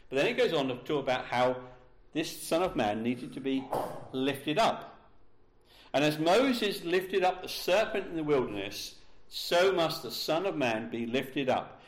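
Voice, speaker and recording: A man preaching a sermon, slowing down and leaning hard on the key words for emphasis. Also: mid-range voice. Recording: roomy echo.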